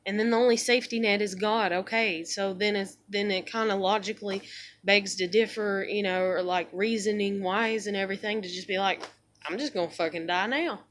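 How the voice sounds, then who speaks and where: A woman's voice: medium pitch, steady tone, fairly quick. A woman venting in a blunt, profane, rambling monologue at home, a mother and vlogger.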